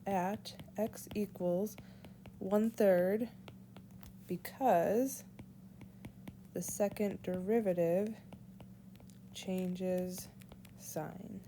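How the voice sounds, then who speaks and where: A woman teacher giving a whiteboard math lesson, walking through each step slowly and aloud. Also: mid-range voice, fairly even intonation, dark tone, slight background noise. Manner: slow, deliberate, walks through steps aloud. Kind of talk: whiteboard lesson explaining calculus.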